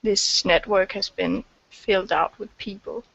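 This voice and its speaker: A woman's voice: mid-range voice, steady tone, a little slow, creaky, a bit bright, slightly rough, muffled recording. A woman narrating a tabletop game as game master, hesitant and full of fillers. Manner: hesitant, many fillers and restarts.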